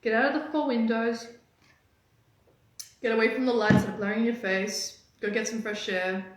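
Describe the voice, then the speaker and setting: Energetic woman coach in an echoey room. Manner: energetic, teasing, fast-changing pitch. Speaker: dating coach. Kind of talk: motivational live stream talk.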